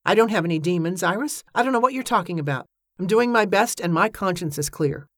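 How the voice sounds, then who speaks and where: A woman's voice: on the low side, animated, fast, dry recording. An earnest young woman hoping to be a film star, who pleads and protests her innocence, read by a woman. She speaks with eager urgency. The recording is dry and close. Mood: defensive.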